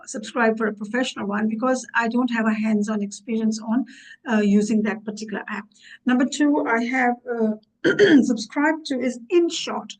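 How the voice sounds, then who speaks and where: A woman in her sixties talking to camera for her vlog, earnest and thinking aloud with frequent pauses and fillers. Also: a little high, low-quality recording. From USA. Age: 60s. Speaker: YouTube vlogger. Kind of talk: casual vlog talk to camera.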